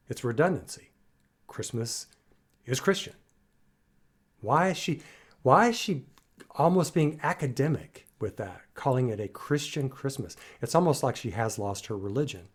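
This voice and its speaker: A man with a medium-pitched, breathy-edged voice hosts a music reaction. His commentary is casual and musing, full of restarts and repeated words as he analyzes.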